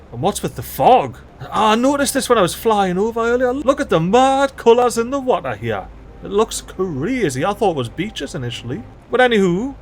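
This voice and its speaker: Male gamer, chatty and excitable, high bouncy voice, light cussing, soft music under him. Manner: excitable, chatty, swears casually. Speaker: gaming channel host. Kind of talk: let's play commentary.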